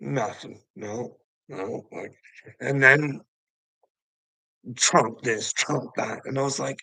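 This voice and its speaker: A man talks in a loose, heated vlog rant, swearing often and chuckling between points. His voice is bright and forceful, yet gravelly with a husky edge. The sound is close and dry. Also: medium pitch, slow, long pauses, no echo, poor audio. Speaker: vlogger. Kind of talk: casual ranting monologue.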